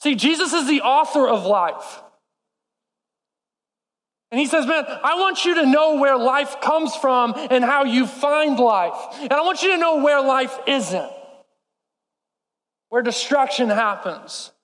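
A man preaching a sermon to a live congregation, impassioned and swinging between urgent and soft. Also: very high voice, animated, takes it slowly, pauses often. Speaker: pastor. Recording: long hall reverb.

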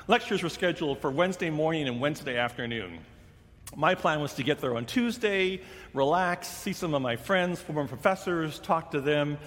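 A man's voice: on the high side, moderate pace. A male pastor preaching in a big sanctuary, his voice trailing off in a long hall reverb. He tells his story in a loose, chatty way, slipping into the voices of the people in it. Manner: conversational, animated storytelling with acted quotes. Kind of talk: sermon storytelling.

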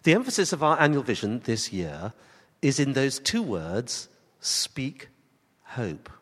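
A man preaching a sermon to his church congregation, swinging from emphatic rising questions to slow, soft emphasis. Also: mid-range voice, wildly swooping pitch, husky, in a large hall. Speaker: pastor.

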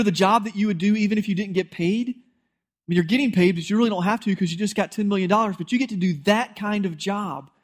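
A male pastor, preaching a sermon in a conversational, storytelling way and acting out bits of dialogue. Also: high-pitched.

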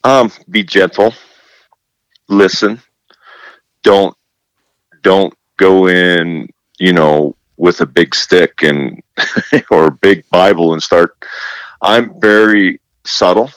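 A man with a rather deep voice tells his stories with energy and plays every quoted line aloud. He repeats himself and often restarts his sentences. The recording is close and dry, with no room sound. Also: takes it slowly, pauses often, no echo, rough recording. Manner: animated storyteller who acts out quoted dialogue. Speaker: guest, television presenter. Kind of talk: casual faith interview.

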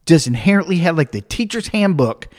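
Man, comic storyteller, animated, slightly high voice, very lively pitch. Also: brisk. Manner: animated, acts out voices and laughs while telling. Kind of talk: comic personal anecdote.

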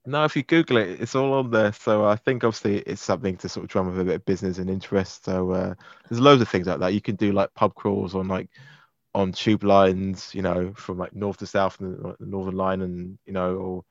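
A man's voice: sits low, steady tone, fairly quick, dry recording, highs cut off. A man from London in casual chat, laughing easily and talking with many fillers. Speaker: guest.

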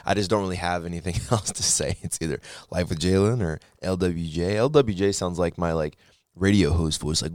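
A man's voice: deep voice, normal speed, darkish tone, no echo, clean studio sound. A young man hosting his own podcast, talking casually about faith with joking asides and frequent restarts. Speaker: podcast host. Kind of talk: casual faith talk monologue.

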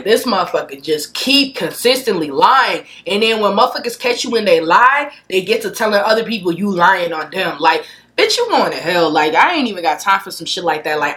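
Young woman solo podcaster, bright edge, swings from sharp outbursts to quiet mutters, very blunt. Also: medium pitch. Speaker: podcast host. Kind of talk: unscripted solo podcast rant.

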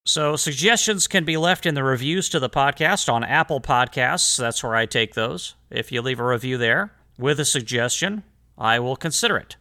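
A man's voice: mid-range voice, lively intonation, normal speed, bright, forceful tone. A man hosting a solo podcast, chatting and making wry asides as he reads historical letters aloud. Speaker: podcast host.

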